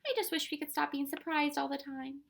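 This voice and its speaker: A woman's voice: high voice, steady tone, brisk, gravelly, a little hiss or hum, voice pushed up. A woman voicing a small, frightened little girl who speaks in a small, timid voice.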